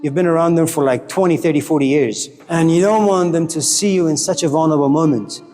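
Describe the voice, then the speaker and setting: Man, college lecturer, high-pitched, blunt, passionate, casual swearing, echoey hall, faint music. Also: fast, darkish tone. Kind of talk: classroom lecture.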